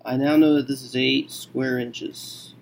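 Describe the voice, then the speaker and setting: Slow, gravelly male math teacher. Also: medium pitch, flat delivery. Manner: slow, thinking aloud with many okays. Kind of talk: math lesson walkthrough.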